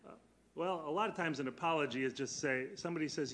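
A man teaching a church Bible class, earnest, putting questions to his students and slowing down on key words. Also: on the high side, fairly bright tone, slight background noise.

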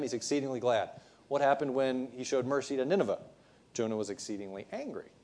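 A man's voice: mid-range voice, darkish tone. A male preacher giving a sermon, retelling the story conversationally with frequent restarts.

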